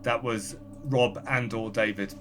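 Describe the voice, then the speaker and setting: A man chatting as a podcast guest, reading out listener comments in a brisk, offhand way. His voice sits at an ordinary middle pitch, and his delivery stays dry. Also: fairly even intonation. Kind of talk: casual chat, reading listener comments aloud.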